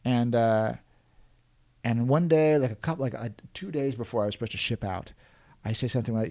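A man with a mellow voice talks fairly quickly as a clown performer and podcast guest, telling stories in a casual interview. He rambles, restarts often, and chuckles, acting out other people's panicked lines in a higher voice.

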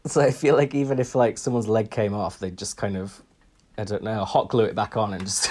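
A man's voice: fairly low pitch, moderate pace, dark tone. A man co-hosting a podcast in casual chat, wry and chatty with frequent ums. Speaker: podcast co-host.

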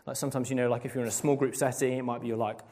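A man's voice: medium pitch, level tone, racing, mellow. A young man giving a sermon in a chatty, casual way, full of "like" fillers. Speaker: preacher. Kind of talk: conversational sermon.

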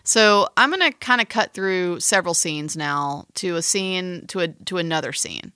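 A woman's voice: on the low side, lively intonation, normal speed, sharp tone, smooth, no echo, clean studio sound. A woman co-hosting a podcast, chatty and teasing, rambling through a film plot with restarts. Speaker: podcast co-host describing a film. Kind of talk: casual chat.

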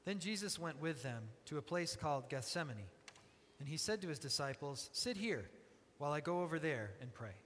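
A man reading scripture aloud in a measured, solemn group reading. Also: on the high side, sing-song, fairly bright tone. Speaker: scripture reader. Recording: hall reverb, faint noise.

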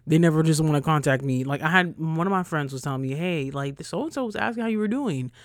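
A young woman from New ranting bluntly as a podcast host, swearing freely and her voice jumping loud and high when she gets riled. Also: expressive, quick pace, no room sound, studio quality. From New York, USA. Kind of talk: casual ranting monologue.

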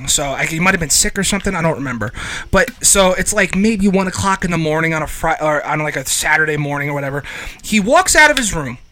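A man co-hosting a podcast, telling animated, profane stories and laughing through them. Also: fairly high pitch, quick pace, low-quality recording. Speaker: podcast co-host. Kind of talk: casual storytelling chat.

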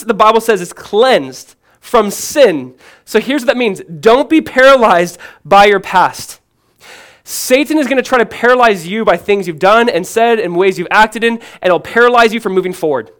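The voice of this preaching pastor sits high. He speaks earnestly and with emphasis, posing questions and then answering them, moving from strong proclamations to hushed, casual asides laced with "man."

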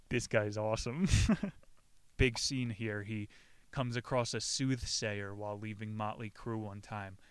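A man's voice: medium pitch, clean tone, no echo. A man giving a casual, profane book recap, often laughing at his own jokes. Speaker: book summarizer.

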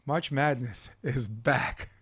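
A young man co-hosting a casual sports debate podcast, energetic and hyped, talking fast over the games. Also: medium pitch, husky. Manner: energetic, hyped, chanting and laughing. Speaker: podcast co-host.

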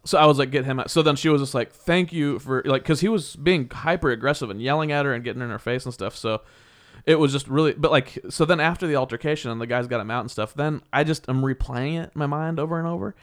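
Animated young man telling a heated story. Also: medium pitch, quick pace. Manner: animated, heated storytelling with frequent laughs and profanity. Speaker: podcast co-host. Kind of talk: casual storytelling chat.

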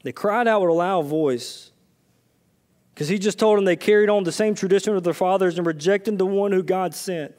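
A male pastor preaching a sermon in a conversational way, swinging between loud, excited bursts and hushed, low asides, with personal stories mixed in. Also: normal speed.

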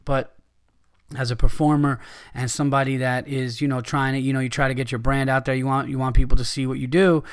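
A middle-aged man hosting a podcast, delivering a profane, angry rant with loud outbursts. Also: medium pitch, level tone, a little fast, smooth. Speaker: podcast host, comedian.

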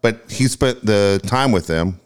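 A man co-hosting a podcast, chatting casually and telling animated stories with frequent laughter. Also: lowish voice, unhurried, smooth. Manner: animated storyteller, laughs often. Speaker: podcast co-host. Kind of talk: casual chat.

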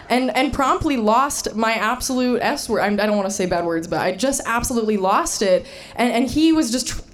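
A young woman telling a personal story to an audience, animated and laughing, with fillers and restarts. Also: fairly high pitch, fairly quick. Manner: animated, laughing, shouting the quoted lines.

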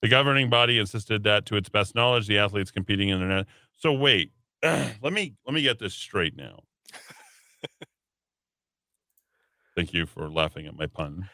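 A man's voice: lowish voice, lively intonation, measured pace, pauses often, pushed and bright, dry recording. A man hosting a talk radio show, reading news items and adding sarcastic asides in a casual way. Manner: reads headlines then adds sarcastic asides.

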